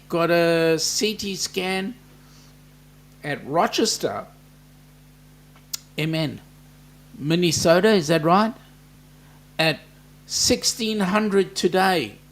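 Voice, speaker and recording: Reading out chat on his casual livestream, an Australian-accented host answers viewers with plenty of "mate" and "um." His voice sits high and is expressive, with drawn-out words and long pauses.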